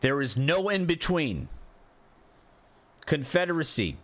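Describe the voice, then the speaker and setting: Male streamer, casual rant, animated intonation, asks rhetorical questions. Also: fairly high pitch, slow. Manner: frustrated ranting, rhetorical questions, swearing. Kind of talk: casual live-stream commentary.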